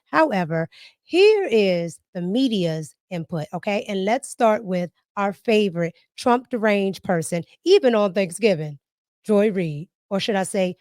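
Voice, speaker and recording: A woman's voice: medium pitch, lively intonation, moderate pace, a little mellow, dry recording, clean studio sound. A woman hosting a casual reaction commentary, talking emphatically and repeating herself for stress. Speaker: commentary show host.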